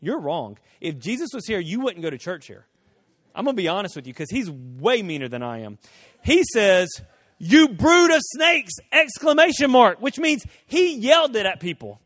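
A man preaching a sermon as pastor, animated, acting out voices of people and shouting some quotes. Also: sits high, a little fast, no room sound, clean studio sound.

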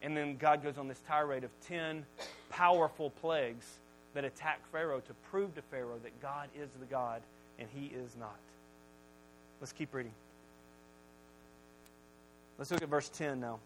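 A male pastor preaching a sermon, telling Bible stories and family anecdotes in an animated, joking way. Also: medium pitch, measured pace, long pauses, a little hiss or hum, low-quality recording. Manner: animated storytelling, jokey.

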